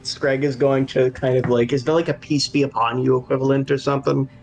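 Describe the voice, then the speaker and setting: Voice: mid-range voice, fairly even intonation, brisk, a little mellow. A player in a tabletop game, casually explaining what their character does.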